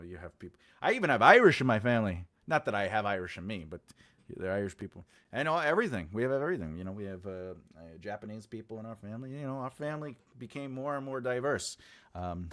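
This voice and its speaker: Rambling man chatting with lively pitch. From United States. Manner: rambling, repeats phrases, asides to viewers. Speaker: author and channel host. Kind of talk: casual livestream chat.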